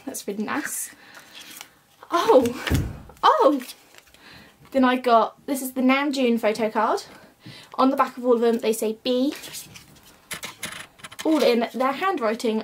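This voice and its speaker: A young woman with a high voice talks through an unboxing at home in a loose, chatty way. She giggles often between her lines. A faint hiss sits under the camera-mic recording. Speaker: vlogger. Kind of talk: casual unboxing chat. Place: at home, indoors.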